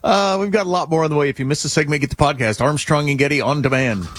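A man co-hosting a talk radio show, dropping dry, deadpan remarks. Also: on the high side, rapid-fire, loud music behind the voice. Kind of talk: casual talk radio banter. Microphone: studio mic.

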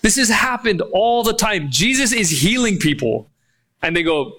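A man preaching with a high, bright, ringing voice. He is emphatic and fires off rhetorical questions, then slows right down to lean on key phrases. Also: very animated, breathy edge. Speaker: pastor. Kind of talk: sermon.

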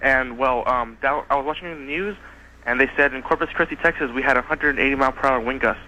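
Hesitant, fast-talking male caller. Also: medium pitch, pushed and bright, slight background noise, poor audio. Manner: hesitant, full of ums. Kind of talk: phone-in chat.

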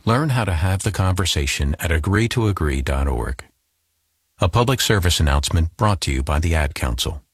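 A man reading a public service announcement in a serious, measured way. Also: low voice, animated, husky, no room sound.

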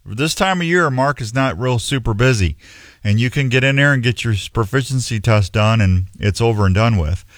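A man's voice: mid-range voice, lively intonation, normal speed, dry recording, studio quality. A middle-aged man hosting a show in a rambling, folksy, self-mocking way. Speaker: radio show host. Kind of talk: casual on-air chat.

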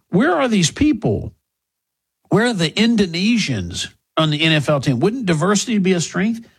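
A man hosting a talk radio show, delivering an indignant monologue full of mocking rhetorical questions, with a husky voice. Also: a little high.

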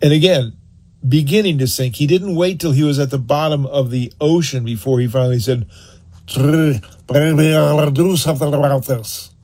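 A man preaching a sermon, telling the story in an animated, earnest way and urging listeners to act on it. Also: mid-range voice, a little fast, husky. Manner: animated storyteller, acts out scenes; earnest, exhorting.

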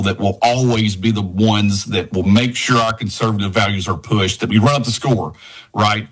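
Emphatic male candidate from Tennessee. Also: on the low side. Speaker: political candidate guest. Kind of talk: campaign interview on radio.

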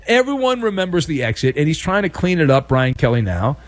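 Animated high-pitched sports talk host. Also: male voice, fairly quick, no room sound. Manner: animated, sarcastic, acts out mock dialogue. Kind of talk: opinionated sports talk monologue.

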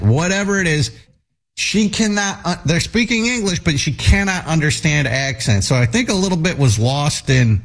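A man in his thirties, a talk show regular, telling a casual anecdote in a rambling way with many fillers and restarts. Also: a little high.

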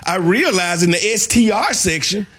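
A man with a Southern US accent, chatting on a talk show as an animated, playful storyteller. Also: sits high, moderate pace, a crowd in the background. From American South. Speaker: show co-host. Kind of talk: casual chat.

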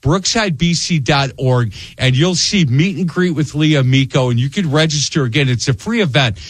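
A man's voice: on the high side, moderate pace, slightly rough, dry recording. A middle-aged man hosting a radio interview show, telling stories animatedly. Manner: animated storyteller, acts out voices in anecdotes.

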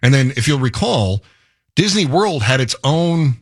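A man co-hosting a radio talk show, bantering with quick jokes and asides. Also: medium pitch, big pitch swings. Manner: joking, quick asides, laughs often. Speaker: radio co-host.

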